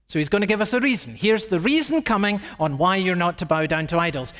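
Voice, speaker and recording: A man preaching a sermon emphatically, with dramatic shifts in pace and pitch. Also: sing-song, moderate pace, fairly bright tone. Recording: long reverb of a large hall.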